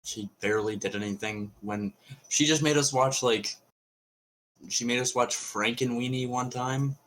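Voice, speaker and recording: A man's voice: mid-range voice, steady tone, normal speed, a bit bright, a little hiss or hum, low-quality recording. A man co-hosting a podcast in casual chat, blunt and profane. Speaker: podcast co-host.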